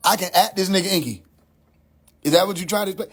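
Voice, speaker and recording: A man's voice: sits high, fast talker, husky. A man hosting a livestream, ranting in a mocking, incredulous way and swearing constantly. He keeps repeating his own questions for effect. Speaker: livestream host. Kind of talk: profane comedic rant on a livestream.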